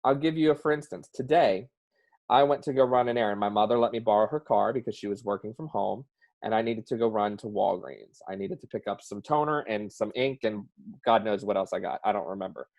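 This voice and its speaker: Man, Southern accent, earnest, expressive, interview guest, video call. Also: on the low side, fairly quick, vocal fry. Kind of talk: emotional personal interview.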